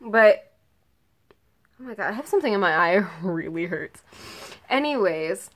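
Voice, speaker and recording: A woman's voice: mid-range voice, expressive, moderate pace, fairly bright tone. Gushing teenage girl telling a story. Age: late teens. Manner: gushing, rambling, heavy use of "like" and "oh my god". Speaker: vlogger. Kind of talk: casual storytime vlog.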